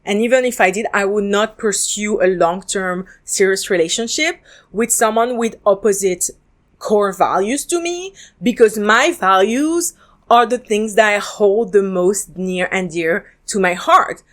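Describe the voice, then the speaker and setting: Woman, solo podcast host, casual review, candid, chatty, ums and restarts, mid pitch. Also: unhurried.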